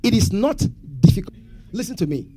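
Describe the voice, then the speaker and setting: A man's voice: high-pitched, big pitch swings, fairly quick, warm tone. A man preaching a sermon, asking the congregation questions and having them answer back. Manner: call-and-response questions to congregation. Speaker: pastor.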